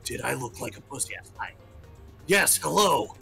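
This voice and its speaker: A man's voice: medium pitch, animated, normal speed, gravelly, bright, forceful tone, faint music behind. A man co-hosting a game stream, playful, greeting chat and joking with his partner. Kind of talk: casual live-stream chat.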